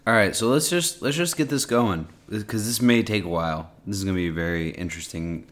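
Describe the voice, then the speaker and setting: A man's voice: fairly low pitch, a little fast, fairly bright tone. A man co-hosting a casual podcast chat, talking hesitantly with lots of likes and restarts. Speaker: podcast co-host. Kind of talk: casual chat, reading a transcript aloud.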